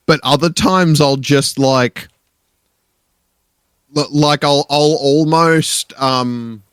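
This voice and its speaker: A man's voice: medium pitch, clean tone, dry recording. An Australian man co-hosting a radio show, talking hesitantly with many ums and likes. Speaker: radio co-host. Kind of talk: casual breakfast show banter.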